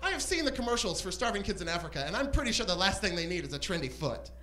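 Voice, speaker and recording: Animated camp man doing stand-up. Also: high voice, rapid-fire, low-quality recording. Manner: camp, animated storytelling with squealing outbursts. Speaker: stand-up comedian. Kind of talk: stand-up comedy set. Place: comedy club stage.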